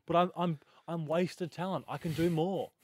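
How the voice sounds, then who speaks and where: An Australian man co-hosting a radio show, teasing his partner and laughing often in quick banter. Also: on the high side, steady tone, a little mellow, no room sound, clean studio sound. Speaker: radio co-host. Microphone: studio microphone.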